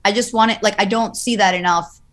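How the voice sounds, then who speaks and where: An American woman voice actor talking casually on a panel, chatty and animated, full of "like" and "you know". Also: mid-range voice, a little fast. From United States.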